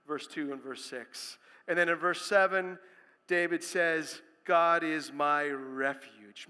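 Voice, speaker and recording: A male pastor preaches with a high, bright, ringing voice, taking his words slowly and deliberately. He builds to loud, emphatic proclamations, and his voice carries a long reverb through a large hall. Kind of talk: sermon.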